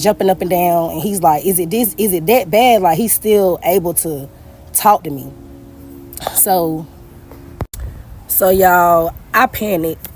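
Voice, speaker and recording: Young woman telling her own story, addressing viewers casually. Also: on the low side. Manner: animated and conversational, often addressing listeners as "y'all", many "like" fillers. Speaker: storyteller sharing a personal story.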